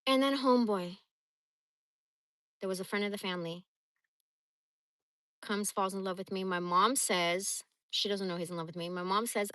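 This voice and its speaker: A woman in her forties telling stories from her life on a livestream, blunt, animated and full of swearing. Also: mid-range voice, moderate pace, pauses often, no echo. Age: 40s. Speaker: livestream host. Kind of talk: casual storytelling.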